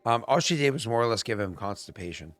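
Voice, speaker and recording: A man's voice: medium pitch, animated, fast talker, a bit bright, dry recording, soft background music. A man narrating as game master in a rambling way, with many fillers.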